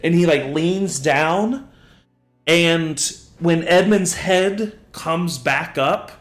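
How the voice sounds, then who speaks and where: A man running a tabletop game as game master, chatting loosely with frequent laughs and fillers. His voice sits a little high and rings in a roomy space. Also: extremely slow, a bit bright. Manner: casual, laughing, many fillers. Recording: roomy echo.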